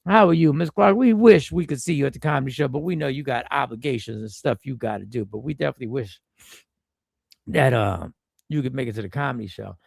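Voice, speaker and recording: A man's voice: medium pitch, quick pace, dry recording, clean studio sound. A man hosting a casual live stream, talking with a stuffy nose from a cold, riffing and repeating himself as he greets viewers by name. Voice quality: gravelly.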